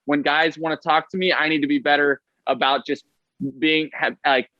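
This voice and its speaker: A man, a baseball player, telling stories in casual podcast talk, fast and chatty with many fillers and "right?" tags. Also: a little high, fairly even intonation, no room sound, lo-fi sound.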